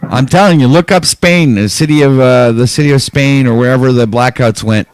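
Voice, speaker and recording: A man's voice: medium pitch, a little fast, no room sound. A man hosting a live stream, talking in a rambling, hesitant way. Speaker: livestream host. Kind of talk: casual live-stream chat.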